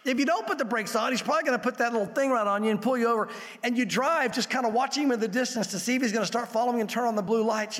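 A male pastor preaching a sermon in an animated way, acting out little scenes with changing voices. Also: extremely high pitch, fairly quick. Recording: long hall reverb.

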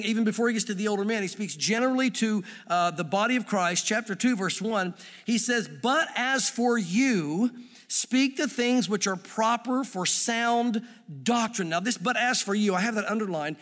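A male pastor preaching a sermon in a church, in an animated, conversational way with frequent asides. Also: high-pitched. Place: church sanctuary. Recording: long reverb of a church hall.

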